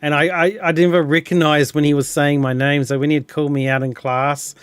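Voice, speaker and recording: A man's voice: a little high, little pitch movement, moderate pace, clean tone, no room sound. A young man chatting casually over a game, rambling, chuckling often and restarting words. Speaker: gameplay streamer. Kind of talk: casual gameplay chat.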